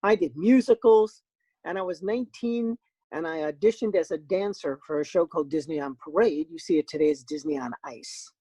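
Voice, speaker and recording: An older man, a voice actor, telling stories in a lively, self-deprecating way as an interview guest. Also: a little high, a little fast, husky, no echo, rough recording. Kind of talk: casual interview chat.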